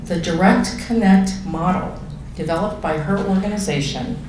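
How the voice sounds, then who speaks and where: A woman's voice: fairly low pitch, moderate pace, darkish tone, a little hiss or hum. A woman giving an earnest, formal prepared speech at a luncheon, standing back from the mic. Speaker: nonprofit treasurer giving a speech. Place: large banquet room. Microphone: standing mic at a distance. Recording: echoey hall, heard from far off.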